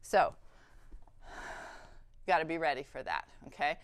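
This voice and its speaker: A woman's voice: low voice, big pitch swings, dry recording. Practical woman instructor, dry close sound. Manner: checks in with "okay?" often, brisk and practical. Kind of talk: hands-on training demonstration.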